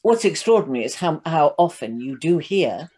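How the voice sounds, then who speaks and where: British woman, narrator and coach, low voice, chatty with playful asides. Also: big pitch swings, moderate pace, warm tone, slightly rough. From United Kingdom. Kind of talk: casual chat.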